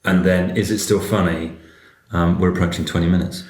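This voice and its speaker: Guy, lowish voice, chatty and animated, roomy echo. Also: brisk. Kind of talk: casual advice chat. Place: cafe. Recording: echoey room.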